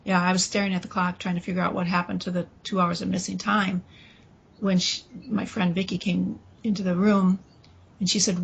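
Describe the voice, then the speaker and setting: A woman recounting a personal experience in an interview, talking haltingly with restarts and quoting dialogue, with faint noise behind her. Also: on the low side, level tone, vocal fry, slightly rough, dull audio.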